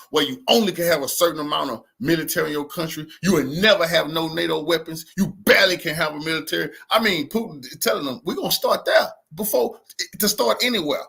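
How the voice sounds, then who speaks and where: Husky ranting male commentator, heated. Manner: heated, emphatic, swings between loud outbursts and low mutters. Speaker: commentator reacting to a clip.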